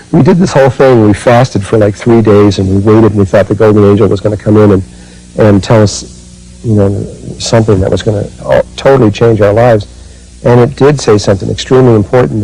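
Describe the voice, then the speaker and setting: A man giving a spiritual talk and recalling his own experiences, speaking slowly and haltingly with many fillers and restarts. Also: lowish voice, warm tone, poor audio. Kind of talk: spiritual talk, personal recollection.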